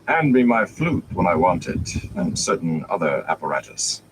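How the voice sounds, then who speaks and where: A man voicing a grand, scornful old traveling bard with a theatrical, dry and mocking manner, over steady background noise. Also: sits low, normal speed. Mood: showy.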